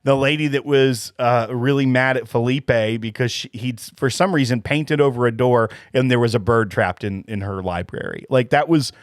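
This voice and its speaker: Man, medium voice, animated, laughs easily, casual podcast chat, dry mic. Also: medium pitch, moderate pace, hardly any pauses, no room sound. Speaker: podcast co-host.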